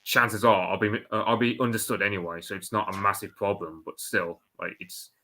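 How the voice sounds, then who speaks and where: Guest, male, Birmingham accent, lowish bright voice, hesitant. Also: steady tone, brisk. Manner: hesitant, many restarts. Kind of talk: casual chat.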